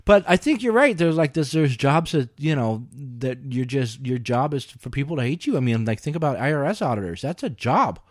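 A man's voice: mid-range voice, fairly quick, few pauses, dry recording, clean studio sound. A man in casual chat, telling stories animatedly and swearing freely. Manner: animated storyteller, acts out quoted voices, swears freely.

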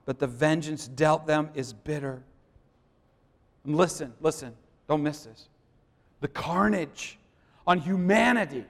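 A man delivering a sermon in a slightly raised voice, shifting between hushed storytelling and loud, fervent preaching. His words ring out with a long reverb, as if filling a large hall. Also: fairly high pitch, a little slow, pauses often. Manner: swings from soft storytelling to loud impassioned preaching. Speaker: pastor.

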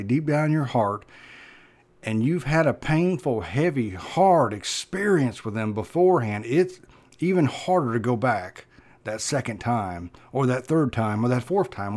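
A man preaching a sermon as pastor, talking earnestly, pressing points with sudden loud stresses and then dropping low and soft.

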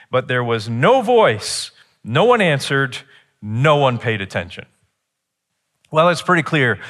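A man preaching a sermon, retelling a scripture story with lively, animated delivery and acted-out quotes. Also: big-room sound. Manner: animated storytelling, acts out quotes with rising pitch. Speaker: pastor.

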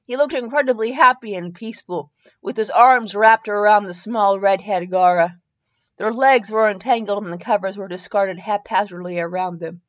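A woman's voice: mid-range voice, normal speed, dull audio. Woman reading fanfiction aloud, stumbling over typos. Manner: stumbles, laughs at typos and corrects herself. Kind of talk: comedic dramatic reading with asides.

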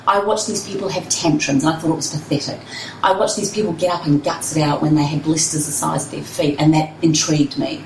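A woman's voice: deep voice, steady tone, fairly quick, darkish tone, echoey room, distant mic, a little hiss or hum, rough recording. A woman, a personal trainer and runner, telling her story candidly and expressively in an interview.

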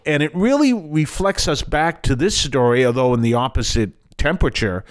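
An older man hosts a Catholic program and talks through scripture earnestly. He explains as he goes and keeps stepping aside to add remarks. His voice sits at an ordinary middle pitch. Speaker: radio program host.

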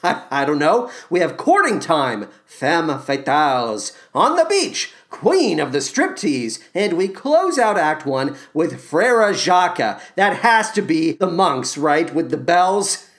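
A woman's voice: low voice, very animated, slow pace, hardly any pauses. A woman hosting a podcast alone, talking casually in a wry, self-deprecating way. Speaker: podcast host. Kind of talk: casual solo podcast chat.

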